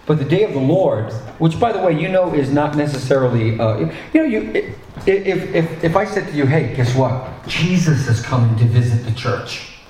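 A male pastor preaching a sermon in a conversational, animated way, with asides and restarts. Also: a little high, normal speed, a little hiss or hum. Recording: echoey hall, distant mic.

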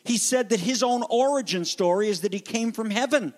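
A man preaching a sermon as pastor, animated and conversational, acting out the voices he quotes. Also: high-pitched, a little fast, long reverb tail.

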